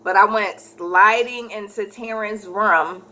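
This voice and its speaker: Bright-voiced woman telling a story. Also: medium pitch, takes it slowly. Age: 30s. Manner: animated, acts out quoted voices, corrects herself mid-story. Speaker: vlogger telling a personal story. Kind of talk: casual storytelling.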